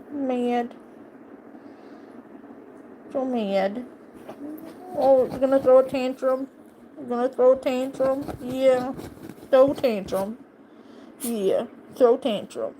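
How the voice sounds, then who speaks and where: A woman's voice: high-pitched, warm tone, a little hiss or hum. A woman streamer chatting casually and playfully teasing her pet on a live stream.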